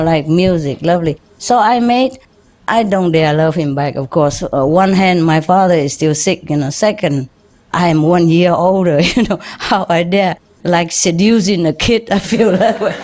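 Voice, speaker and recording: A woman, a spiritual teacher telling a personal story to an audience, halting and informal, often laughing softly. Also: on the low side. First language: Vietnamese.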